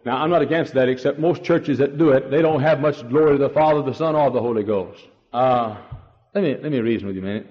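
A man preaching a sermon, swinging from hushed tones to loud, climbing shouts and often repeating words as he goes. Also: medium pitch, fast talker. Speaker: pastor. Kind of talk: fiery sermon. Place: church sanctuary. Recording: dull old recording in a reverberant hall.

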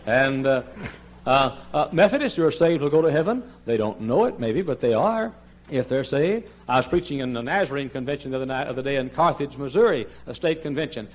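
A man's voice: animated, fast talker, low-quality recording. Impassioned man preaching a sermon. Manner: impassioned preaching, swinging from loud high pleading to low quiet tones. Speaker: pastor.

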